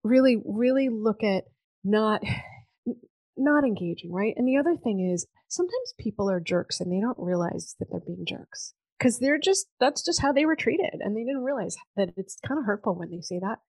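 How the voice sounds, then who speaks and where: A woman's voice: a little high, animated, moderate pace, a little mellow, no echo. Woman, coaching tone, upbeat, casual podcast talk, dry close sound. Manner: upbeat, coaching, acts out sample phrases.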